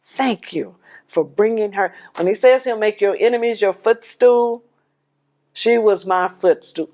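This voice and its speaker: A middle-aged widow giving a personal testimony, telling her story in an animated way and acting out the dialogue. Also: medium pitch, a little slow.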